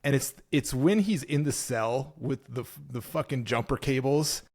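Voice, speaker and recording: A man's voice: mid-range voice, normal speed, darkish tone. Male podcast cohost, casual, gushing, swears a lot. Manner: enthusiastic, swears freely. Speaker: podcast co-host. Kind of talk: casual chat.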